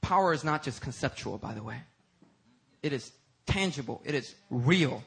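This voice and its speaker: A man preaching a sermon as pastor, swinging between loud emphatic peaks and low, intense passages. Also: animated, moderate pace, vocal fry, slightly rough.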